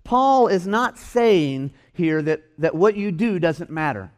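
A man's voice: high-pitched, expressive, slow pace. A man preaching a sermon in a church, stressing and repeating his key phrases. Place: church hall.

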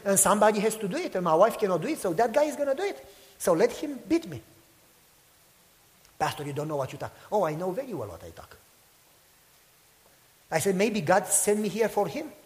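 Male pastor, high-pitched, animated loud-to-hushed delivery, echoing hall. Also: a little fast, long pauses. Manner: animated storytelling, acts out quotes, swings from loud to hushed. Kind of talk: sermon with storytelling.

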